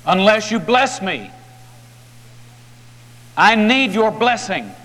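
A man's voice: on the high side, takes it slowly, fairly bright tone, in a large hall. A man voicing a desperate, guilt-ridden man who pleads with intensity. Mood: pleading.

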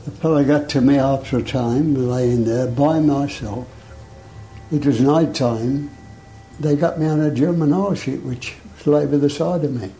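An older man recalling events in a halting, plain-spoken way in an interview. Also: medium pitch, warm tone, a little hiss or hum, rough recording. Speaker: war veteran interviewee.

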